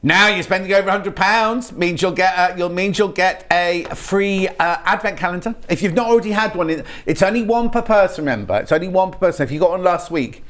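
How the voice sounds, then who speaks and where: A man's voice: sits high, fairly quick, hardly any pauses, a bit bright. A British man presenting products on a live shopping channel in a TV studio, chatty and rambling, with frequent restarts.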